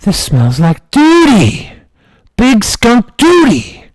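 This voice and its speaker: Man playing a whiny toddler boy, pitched way up, dry close sound. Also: wildly swooping pitch, slow, no echo, heavily acted. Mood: excited. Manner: whiny high childish squeak. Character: small boy, three or four, fibbing then confessing.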